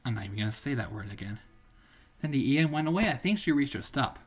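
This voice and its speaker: A man's voice: mid-range voice, lively intonation, quick pace, husky. A man streaming live, reading stories aloud in a casual, rambling way and often stopping to correct himself.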